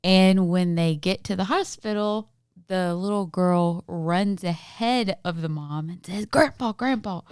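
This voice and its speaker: Lively woman co-hosting a podcast. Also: lowish voice, measured pace, clean tone, no room sound, studio quality. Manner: laughs often, animated joke telling. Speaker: podcast co-host. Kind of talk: casual chat, telling jokes.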